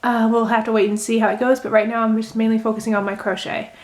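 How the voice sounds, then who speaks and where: A young woman talks through a craft project in a loose, rambling way, full of little fillers and asides. Her voice sits a touch high, and her tone stays gentle and easygoing. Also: level tone, fast, background noise. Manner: rambling, gentle, thinks aloud with many fillers. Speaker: crochet vlogger. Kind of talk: casual how-to chat while unraveling knitting.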